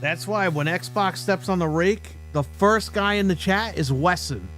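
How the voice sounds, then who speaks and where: A man's voice: high voice, measured pace, a bit bright, soft background music. A man hosting a casual livestream show, ranting bluntly and mockingly with plenty of swearing. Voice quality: profane, blunt. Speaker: podcast host.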